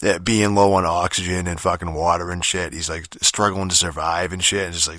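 A man rambles through a casual game review in a very low voice with a forceful edge. He swears almost every line, piles on fillers and restarts, and the sound is dry and close with no room. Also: level tone, fairly quick, few pauses, no echo.

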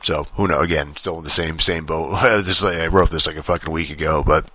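Deep-voiced man ranting with constant swearing. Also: steady tone, brisk, bright, forceful tone, dry recording. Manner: profane, rambling, frequent fillers and restarts. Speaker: podcast host. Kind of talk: casual rambling monologue.

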